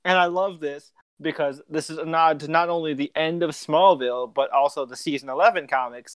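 A young man co-hosting a casual podcast, rambling through quick scene recaps with quoted lines. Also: fairly high pitch, smooth. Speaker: podcast co-host. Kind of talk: casual chat about a TV show.

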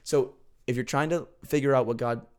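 A man sharing stories of prayer in a casual, earnest conversation, often restarting his sentences and growing animated when excited. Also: medium pitch, normal speed, clean tone.

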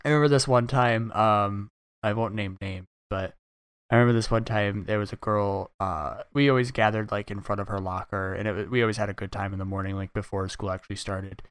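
A man's voice: on the low side, steady tone, fairly quick, smooth, no echo. A young man hosting a podcast, telling stories casually and animatedly with many fillers. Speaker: podcast host. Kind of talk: casual chat.

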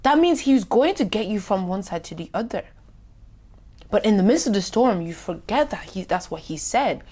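A woman giving an informal Bible reflection. She talks casually with many fillers, acts out the scenes, and often drops to a hushed voice. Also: mid-range voice, normal speed. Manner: expressive, acts out the scripture scenes. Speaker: devotional podcast host.

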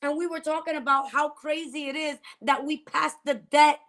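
A woman's voice: sits high, steady tone, moderate pace, fairly bright tone. A woman pastor hosting a faith talk show, preaching fervently with emphatic repetition and frequent laughter. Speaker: pastor and host.

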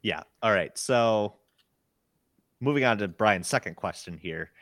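Bright-voiced podcast host, low pitch. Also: male voice, expressive, a little slow, no echo. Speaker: podcast host reading listener questions. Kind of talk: casual baseball chat.

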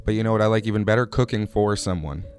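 A man's voice: on the low side, fast, a little mellow, faint music behind. A man hosting a comic radio show, delivering an absurd monologue with a drawling, playful manner. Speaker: host.

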